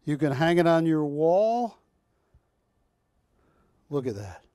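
A man hosting a live shopping channel show, pitching art in joking, drawn-out salesman patter from a studio. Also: sing-song, warm tone, no room sound.

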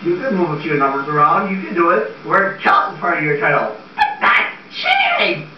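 Guy hamming up a loud pushy broadway producer, high and swoopy, echoey far-off lo-fi tape. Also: very animated, normal speed, slight background noise. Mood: pleading. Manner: bombastic, shouting, theatrical. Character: blustering desperate middle-aged male theater producer. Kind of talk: amateur comedy sketch. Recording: echoey, distant, dull lo-fi tape.

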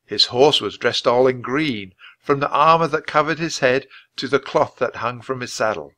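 A man reading a children's storybook aloud at a steady, clear pace for English learners. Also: mid-range voice, normal speed, dry recording. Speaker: storybook reader. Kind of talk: scripted narration for English learners.

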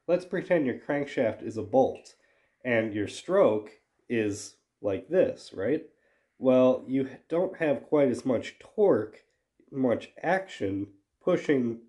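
Stuffed up with a cold, a garage channel host talks in a nasal voice as he casually walks through a job in his home garage. His pitch is fairly low and mellow, and his explaining is folksy and hands-on.

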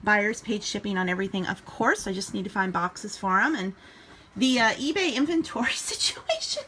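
Woman, mid-pitch, chatty home vlogger, faint room noise behind. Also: a bit bright. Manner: chatty, rambling, with fillers. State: out of breath. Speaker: vlogger and eBay reseller. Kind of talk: casual vlog chat. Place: home basement.

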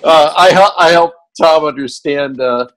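A man co-hosting a radio talk show, telling animated stories and laughing often. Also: a little high, measured pace, low-quality recording. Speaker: radio co-host. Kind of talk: tribute storytelling on a talk show.

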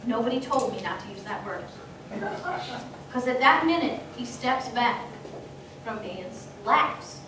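A high-voiced woman tells a story to a gathered crowd, acting out the lines she quotes. Her tone is bright and carrying. She sounds far from the mic, in a strongly echoing meeting hall with faint background noise. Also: measured pace, long pauses. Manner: animated, acts out quoted exchanges. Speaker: speaker at a political meeting. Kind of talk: storytelling speech to an audience.

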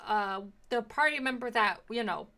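A young woman casually recapping her tabletop game sessions, rambling and swearing freely as she acts out quick quotes. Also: fairly high pitch, expressive, pushed and bright. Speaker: player recapping a tabletop campaign.

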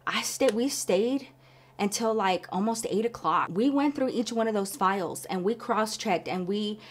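A woman vlogger tells a personal story straight to her viewers. She talks casually and chattily at a middle pitch, sprinkling in "like" and calling her audience y'all. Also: moderate pace.

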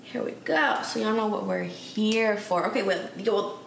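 Sassy woman chatting to her viewers, a bit gravelly, echoey room, kinda far from the mic. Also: medium pitch, moderate pace, slight background noise. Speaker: vlogger. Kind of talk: casual vlog chat. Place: at home.

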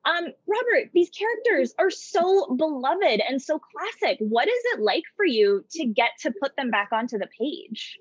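A woman hosting a video chat interview, bubbly and quick to laugh. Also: high-pitched, very animated, dry recording, dull audio. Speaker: interview host.

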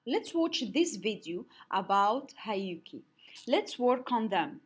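A woman teacher with a slow, husky voice and lively pitch leads an online class lesson. She draws out words slowly to clap out syllables, with a few slips and restarts along the way.

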